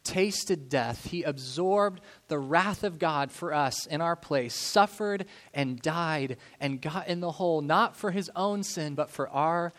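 A man preaching a sermon as a pastor, animated, acting out voices in stories and dropping low and soft for solemn points. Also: slow, few pauses. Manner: animated, acts out voices in a story.

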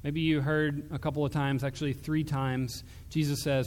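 A man preaching a sermon in an earnest, emphatic way, dropping soft and low when he quotes. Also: level tone, moderate pace, few pauses, big-room sound.

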